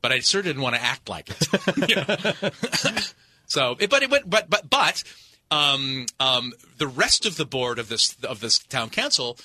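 A man telling stories in a casual radio interview, animated and full of restarts, as a comedy performer who is a guest. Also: mid-range voice, no echo. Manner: animated storyteller, halting restarts.

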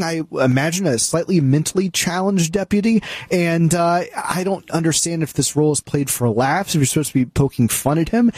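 A man's voice: on the high side, a little mellow, breathy edge, no room sound. A man in a casual film-review chat, talking in a slightly raised voice. He is opinionated and loose, full of "uh"s and restarts. Close, dry studio sound. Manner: opinionated, conversational, many fillers and restarts. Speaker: film critic co-host. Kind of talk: casual movie review discussion.

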